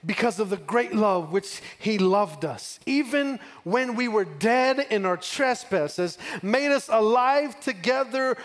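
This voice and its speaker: High-voiced preacher from West Texas. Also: male voice, expressive, slow pace, hardly any pauses. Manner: call-and-response, rising to shouts. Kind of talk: sermon with personal story.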